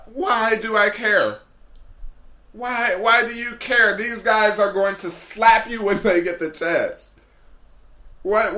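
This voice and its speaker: Sharp-voiced man rambling comic monologue. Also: fairly high pitch. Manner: rambling, goes off on tangents. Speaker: podcast host. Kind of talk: comedic storytelling monologue. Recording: roomy echo.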